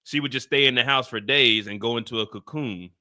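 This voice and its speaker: A man's voice: mid-range voice, fairly quick, bright, forceful tone. A young adult man streaming live, reacting to news updates with incredulous laughter and casual slang, then reading the updates aloud. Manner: reads updates aloud plainly.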